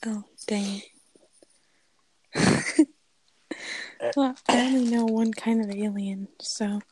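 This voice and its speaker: A young woman co-hosting a podcast, chatting casually with frequent giggles and drawn-out fillers into a close mic. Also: fairly high pitch, steady tone, a little mellow, slightly rough, no echo. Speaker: podcast co-host. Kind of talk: casual chat.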